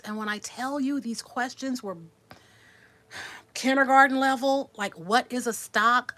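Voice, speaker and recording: A woman's voice: a little high, fairly bright tone. A woman in her sixties telling a personal story to her viewers in a chatty, rambling way, restarting words and answering comments while resting after surgery. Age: 60s. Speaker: vlogger.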